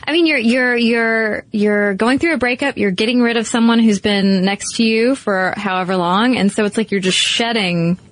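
A woman co-hosting a casual chat show, animated and full of "like" fillers. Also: a little high, normal speed, few pauses. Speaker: podcast co-host.

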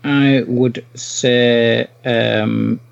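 A man in a casual chat, slow and hesitant, with many ums. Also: mid-range voice, steady tone, gravelly, smooth, dry recording. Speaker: podcast guest. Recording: dull lo-fi mic.

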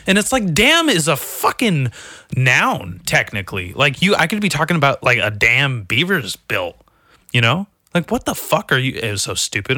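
A young man rambling through a profane, self-mocking comedic monologue as a solo podcast host, now and then mimicking people in a squeaky voice. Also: big pitch swings, fairly quick, sharp tone, dry recording, studio quality.

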